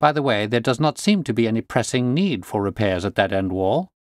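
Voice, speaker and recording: A crisp, commanding gentleman detective, as a male storyteller puts him on, quick to give orders and sharp of mind. The delivery is raised and energetic, and the recording is dry and close. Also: medium pitch, no room sound, close to an everyday voice. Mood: brisk.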